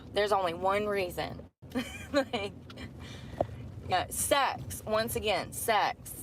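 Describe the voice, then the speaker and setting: A woman's voice: medium pitch, lively intonation, drawn-out words, noisy background. A middle-aged woman ranting bluntly and profanely about her job. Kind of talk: candid rant.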